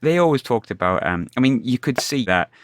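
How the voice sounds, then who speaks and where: Fast-talking male podcast host. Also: mid-range voice, sing-song, no echo, studio quality. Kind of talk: casual interview chat. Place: podcast studio.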